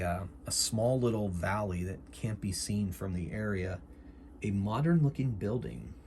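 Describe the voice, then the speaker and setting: A man's voice: fairly low pitch, a little mellow, a little hiss or hum. A man narrating a solo tabletop game, thinking aloud and explaining his rules casually. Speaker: game master and solo player.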